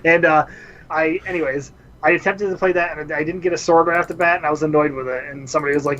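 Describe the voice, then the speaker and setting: A man's voice: a little high, fast, muffled recording, a little hiss or hum. A man co-hosting a casual podcast, telling stories. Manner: animated storyteller, laughs often. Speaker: podcast co-host. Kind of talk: casual chat.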